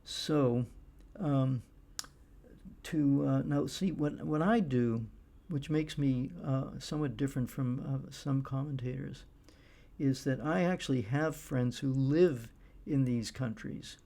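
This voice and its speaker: A middle-aged man giving casual monologue commentary, halting often with fillers and restarts. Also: medium pitch, creaky, warm tone. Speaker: political commentator.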